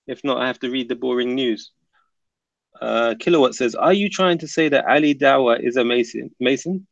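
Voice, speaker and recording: Gravelly man hosting a casual livestream. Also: mid-range voice, no room sound. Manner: chatty, mutters while setting up links. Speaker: livestream host. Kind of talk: casual livestream chat reading comments. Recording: dull lo-fi dry sound.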